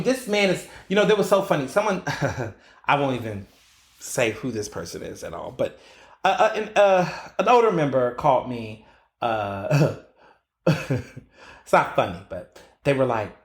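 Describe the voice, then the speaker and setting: A man hosts his own podcast alone, telling stories with big, animated swings of pitch as he acts out his own reactions. His voice sits a little high for a man. The recording has a noticeable room echo. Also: unhurried. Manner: animated storytelling, acting out his own exclamations. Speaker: podcast host. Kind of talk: solo podcast commentary.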